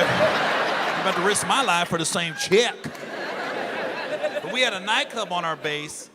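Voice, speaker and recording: Male stand-up comic, high-pitched voice, casual and profane storytelling, big echoing hall with a laughing crowd. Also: expressive, a little slow, long pauses, heavy background noise. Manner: loose, profane, acts out quoted voices. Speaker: stand-up comedian. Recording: live stage, large hall with crowd laughter. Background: audience laughing.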